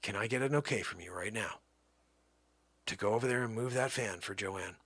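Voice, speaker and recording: A middle-aged man making a comedic prank phone call, rambling and exasperated, swinging between low mutters and loud outbursts. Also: a little fast, breathy edge, no echo. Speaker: prank caller.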